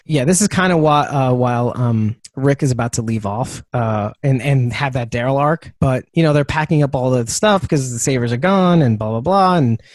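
A man's voice: mid-range voice, animated, normal speed, few pauses, dry recording, studio quality. A man hosting a podcast, chatting casually and rambling with lots of fillers and restarts. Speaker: podcast host. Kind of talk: casual chat.

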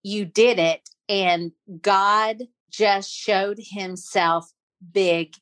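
A woman co-hosting a faith podcast interview, asking questions in a measured, prompting way. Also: medium pitch, fairly even intonation, a bit bright. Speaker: podcast co-host.

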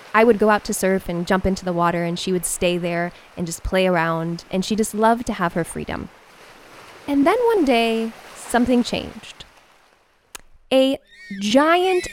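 A woman telling a personal story in an animated, expressive way, with quick bursts. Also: medium pitch, dry recording.

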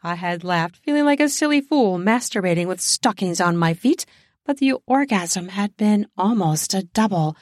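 Woman, host, slow story narration, deliberate reading, close mic, dry sound. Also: medium pitch, no room sound.

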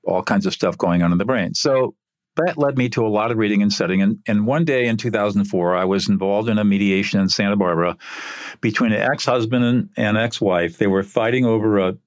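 An older man, an interview guest, telling a story from his work in an earnest, animated way. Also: fairly low pitch, fairly quick, dry recording, clean studio sound.

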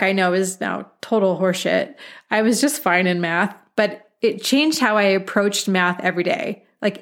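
A woman in her thirties hosting her own coaching podcast, talking in a candid, chatty way with the odd mild swear word. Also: mid-range voice. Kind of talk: casual podcast monologue.

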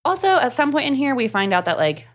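A woman from the American South with a light Southern accent, co-hosting a podcast and recapping a book in casual, animated chat full of "like.". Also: high voice, fast. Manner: chatty, animated, many "like" fillers. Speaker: podcast co-host.

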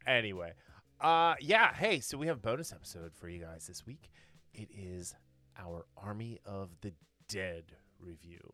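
A man's voice: deep voice, moderate pace, pushed and bright. A young man hosting a podcast in a laid-back, chatty way, laughing often. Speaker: podcast host. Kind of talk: casual chat.

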